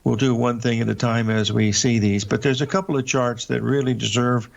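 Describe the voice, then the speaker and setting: A man's voice: medium pitch, steady tone, brisk, creaky. An older man hosting a live market show, rambling through charts in a folksy way with many filler uhs and restarts. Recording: dull lo-fi broadcast audio.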